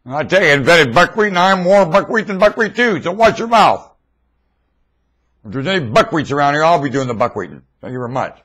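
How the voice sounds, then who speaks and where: Man, webcam monologue, husky, animated pitch, rambling, loud outbursts and mumbles. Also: brisk. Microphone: webcam mic.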